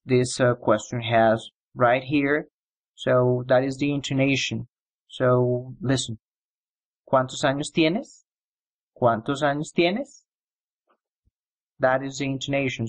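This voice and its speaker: A man who speaks as his teaches a beginner lesson at a deliberately slow pace. His tone is patient and encouraging as he repeats phrases for learners to copy. The sound is dry and close, with no room echo. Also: mid-range voice. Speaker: Spanish teacher. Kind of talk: slow, explanatory language lesson.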